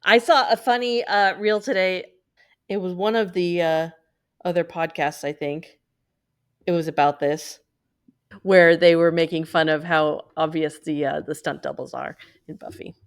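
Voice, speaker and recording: A woman's voice: on the low side, fairly even intonation, a little slow, clean tone. A woman co-hosting a podcast, recapping an episode in casual chat, laughing often and full of fillers. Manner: giggly, lots of fillers. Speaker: podcast co-host. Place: home, on a video call.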